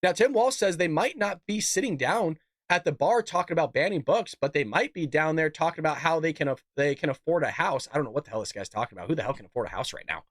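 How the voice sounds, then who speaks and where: A man's voice: on the high side, lively intonation, quick pace, no echo, clean studio sound. A male show host giving a sarcastic, indignant political rant, sick and coughing. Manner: sarcastic, indignant, rhetorical questions.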